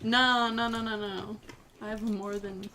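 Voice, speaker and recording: A woman's voice: medium pitch, fairly even intonation, measured pace, bright, forceful tone. A young woman with a Southern US accent co-hosting a casual chat, giggly and exclamatory. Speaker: podcast co-host. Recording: noisy room recording.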